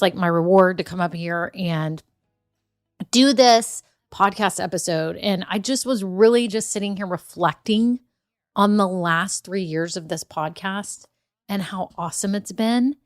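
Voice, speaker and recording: A woman's voice: medium pitch, no echo, studio quality. Upbeat chatty woman podcast host. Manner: upbeat, chatty, direct address to listeners. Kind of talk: solo podcast talk. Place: home room upstairs.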